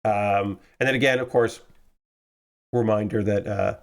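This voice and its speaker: A tired man hosting a casual model-building live stream, rambling in a relaxed way with lots of filler words and restarts. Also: lowish voice, a little slow, gravelly. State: tired, yawning.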